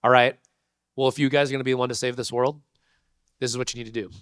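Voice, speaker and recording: A man's voice: mid-range voice, flat delivery, fast talker, a bit bright, clean tone, dry recording, clean studio sound, close to an everyday voice. A man voicing a smug, dismissive adult male villain in a casual, offhand way while retelling a video game scene. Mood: weary.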